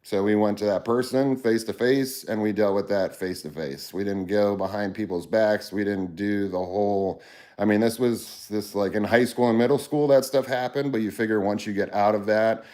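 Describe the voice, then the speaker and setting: A man's voice: on the low side, normal speed, darkish tone. Blunt, earnest man talking to viewers. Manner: blunt and earnest, rambling with restarts. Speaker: livestream host. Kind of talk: casual livestream talk to viewers.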